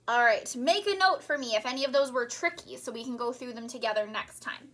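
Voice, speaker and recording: A woman voice teacher leading a recorded singing lesson, cheerful and encouraging, singing short warm-up demonstrations. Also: high-pitched, moderate pace.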